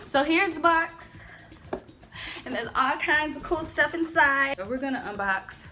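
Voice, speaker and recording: A woman vlogging at home as she unboxes hair products, chatty and gushing with excitement. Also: sits high, unhurried. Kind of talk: casual unboxing vlog. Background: faint background music.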